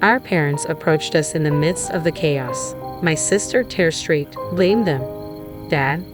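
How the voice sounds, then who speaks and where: Low-voiced woman narrating a drama. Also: a little slow. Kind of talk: scripted first-person drama narration. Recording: music playing underneath.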